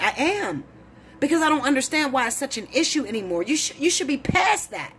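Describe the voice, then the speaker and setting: Blunt, profane woman ranting, voice leaping high. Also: sing-song, fairly quick, a little hiss or hum. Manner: blunt, profane, preachy, rising to shouts. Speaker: tarot reader. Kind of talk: heated monologue to camera.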